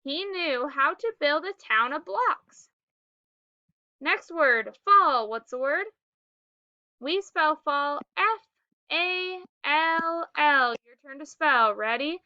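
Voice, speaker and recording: A woman teaching a phonics lesson to young children, slowly sounding out words and cueing the class to read and spell along. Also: sits high, lively intonation, sharp tone, no echo, dull audio. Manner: slow, clearly sounded-out words with prompting cues.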